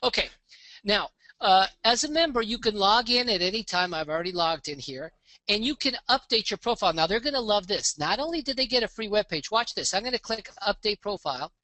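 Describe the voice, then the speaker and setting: A man's voice: sits high, lively intonation, a little fast, bright, forceful tone, no room sound. Upbeat salesy man presenting online. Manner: upbeat salesy walkthrough, frequent "okay?" check-ins. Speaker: webinar presenter. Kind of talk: live online business pitch with screen demo.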